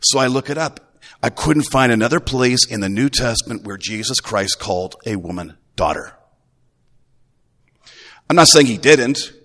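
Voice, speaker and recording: A middle-aged man, a grandfather, preaching a Sunday sermon in a relaxed, folksy way, full of restarts. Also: mid-range voice, normal speed. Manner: conversational, folksy, with repeated restarts. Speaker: pastor. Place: church. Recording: long reverb of a church hall.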